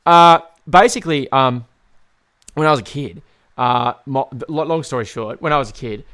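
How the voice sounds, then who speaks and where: A man's voice: mid-range voice, moderate pace, fairly bright tone, clear, resonant tone. Male podcast host: loose, casual, rambling storyteller who swears and restarts sentences. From Tasmania, Australia.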